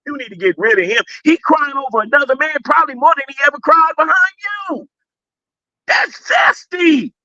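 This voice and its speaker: A man co-hosting a casual talk stream, ranting loudly and mockingly at another creator. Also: very high voice, fast, few pauses, dry recording, lo-fi sound. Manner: loud, mocking, animated ranting. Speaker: co-host. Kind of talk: casual commentary chat.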